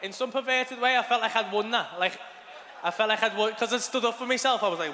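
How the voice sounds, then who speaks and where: High-voiced comedian in an arena. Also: male voice, fast. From England. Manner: swearing, animated, laughing at his own story, shouting punchlines. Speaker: stand-up comedian. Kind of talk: live stand-up storytelling. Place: large arena stage. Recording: arena reverb with loud crowd noise.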